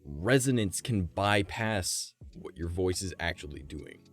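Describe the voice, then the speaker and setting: Raspy man, very deep voice, swings pitch a lot, casual streamer chat, faint music behind. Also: lively intonation, a little slow. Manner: swears casually, demonstrates his voice sliding low and high.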